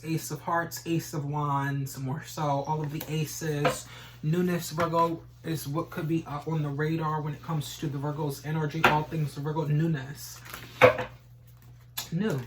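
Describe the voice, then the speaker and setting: A man's voice: a little high, level tone, measured pace, noisy background. A man giving a casual tarot reading, rambling and repeating stock phrases, swearing now and then. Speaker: tarot reader.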